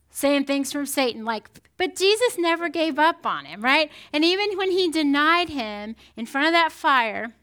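A woman giving a sermon in a conversational, animated storytelling manner, often checking in with the listeners. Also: a little high, clean tone. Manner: animated storytelling with frequent "right?" asides. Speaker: preacher.

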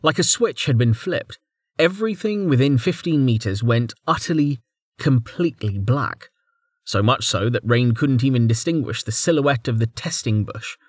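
Man, audiobook narration, expressive, animated pitch, dry booth. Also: normal speed, slightly rough, no room sound. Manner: expressive storytelling. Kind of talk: scripted narration.

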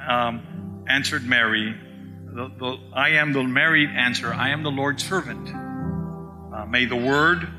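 Emphatic preacher with reverb and music. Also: male voice, on the high side. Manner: rising to emphatic, repeating phrases. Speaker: pastor. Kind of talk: sermon.

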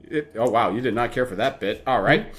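A man's voice: medium pitch, fairly quick, fairly bright tone, husky. A man co-hosting a comedy podcast, telling stories in crude, jokey banter and laughing often. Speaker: podcast co-host.

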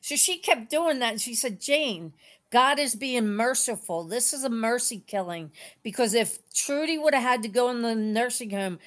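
A middle-aged woman talks on a call-in faith program with a voice pitched a little above average. She rambles and circles back through her story in a tender, unpolished way. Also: lively intonation, normal speed, fairly bright tone. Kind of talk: casual emotional storytelling.

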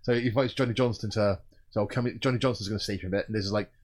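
A man with a lowish voice races through his stories at a quick clip. He recaps old soap plots with animated energy and drops into short quoted voices along the way. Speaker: podcast co-host. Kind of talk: casual chat.

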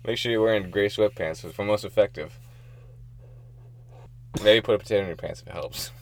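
A man's voice: lowish voice, brisk, gravelly. A man co-hosting a casual podcast, teasing his friend with crude humor and giggling. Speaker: podcast co-host. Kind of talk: casual joking chat.

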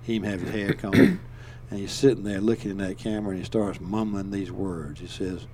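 A man's voice: fairly low pitch, moderate pace, a little mellow, slight background noise. An older man from Alabama with a Southern accent, telling a story in a folksy, rambling way and chuckling as he goes. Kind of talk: casual storytelling.

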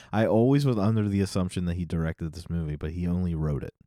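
A man's voice: low voice, steady tone, brisk, dark tone, no room sound, clean studio sound. A middle-aged man co-hosting a podcast in casual chat, rambling and correcting himself, often laughing. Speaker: podcast co-host.

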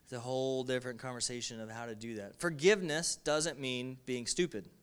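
Smooth-voiced male pastor preaching. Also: medium pitch, fairly quick, a bit bright. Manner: emphatic, repetitive, conversational preaching. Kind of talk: sermon. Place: in front of a congregation.

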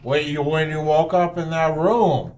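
A man's voice: a little high, unhurried, a little mellow, slight background noise. A man playing a tabletop game, bantering in character, playful and bickering. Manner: playful, bickering, often laughing. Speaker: player.

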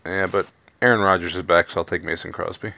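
Low, gravelly man with a bright edge. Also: fairly even intonation, fast, no room sound. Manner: announces picks, chatty and upbeat. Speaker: fantasy football podcast co-host. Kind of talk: casual chat during a live draft. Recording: dry, dull lo-fi recording.

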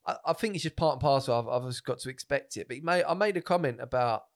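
A young man, co-hosting a podcast, telling stories in a casual, animated way, swearing freely and acting out what people said. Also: medium pitch, quick pace. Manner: animated storyteller, swears freely, acts out quotes. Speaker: podcast co-host, comedian. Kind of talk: casual chat.

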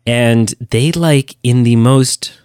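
A podcast co-host gives an animated, enthusiastic, emphatic retelling in a casual review chat. His medium-pitched voice is clear and resonant, slow-paced, recorded in studio quality with no echo.

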